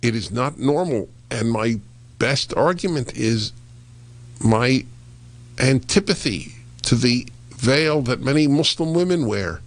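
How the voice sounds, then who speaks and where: A man giving slow, deliberate, argumentative opinion commentary on his radio show. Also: medium pitch, lively intonation. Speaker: radio talk show host.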